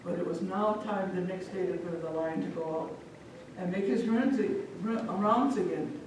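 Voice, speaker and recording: A woman's voice: fairly low pitch, unhurried, noisy background. Woman storyteller, echoey and distant. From Omaha, Nebraska. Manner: animated, addresses the audience directly. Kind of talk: live folk storytelling to an audience. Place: live public event, echoey room. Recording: echoey hall from far off.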